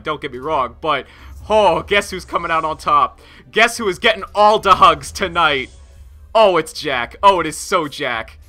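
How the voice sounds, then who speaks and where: Excitable man with bright, lively voice. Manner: excitable, laughing, swings from loud outbursts to low mutters. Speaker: game streamer. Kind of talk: excited gameplay commentary.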